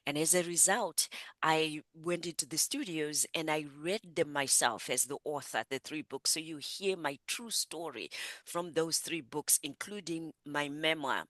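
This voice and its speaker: A middle-aged woman from Zimbabwe speaks in a low, grounded voice as an interview guest. She is earnest and reflective, circling back and restarting her phrases as she talks. The sound is dry and close. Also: a little slow, fairly bright tone, no room sound. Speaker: psychotherapist and author, guest. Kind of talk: conversational interview.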